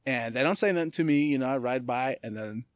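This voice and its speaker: Man from California, podcast guest, animated storyteller, mid-pitched voice, dry close sound. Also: no room sound. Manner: animated, acts out other people's lines in quick voices; laughs often through his story. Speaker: podcast guest, martial arts gym owner. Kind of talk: casual storytelling.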